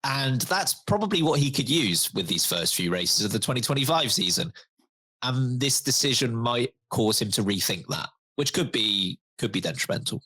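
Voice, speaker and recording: A young man, a podcast co-host in casual chat, talking in an animated way. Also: medium pitch, normal speed, breathy edge. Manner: animated, laughs, puts on quoted voices.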